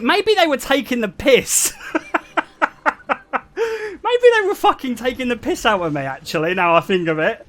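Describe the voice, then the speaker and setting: A man's voice: high-pitched, fairly bright tone. A British man streaming, telling casual stories to his chat, joking, swearing freely and laughing often. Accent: British English. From Britain.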